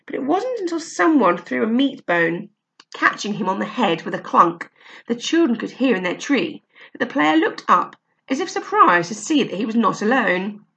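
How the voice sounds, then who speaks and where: Woman with a creaky voice reading a story. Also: on the high side, moderate pace, highs cut off. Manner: steady, expressive storytelling. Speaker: narrator.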